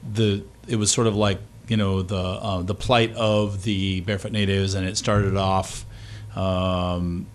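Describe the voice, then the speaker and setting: A man chatting as a guest in a radio interview, relaxed and easygoing, rambling with fillers. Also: lowish voice. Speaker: guest performer. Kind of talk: casual interview chat.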